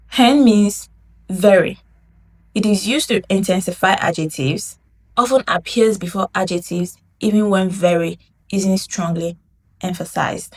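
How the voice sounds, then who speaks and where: Slow, patient woman teaching Mandarin. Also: medium pitch. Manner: slow, drawn-out model phrases for learners to repeat; explains in English, demonstrates in Mandarin. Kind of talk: language lesson with repetition drills.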